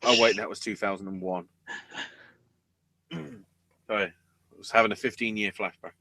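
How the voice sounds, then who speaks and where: A man's voice: fairly low pitch, fairly even intonation, normal speed, creaky, bright, forceful tone, no room sound. A man co-hosting a wrestling podcast, recapping matches in a sarcastic, sweary, casual way. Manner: sarcastic, swears freely, breaks into goofy voices.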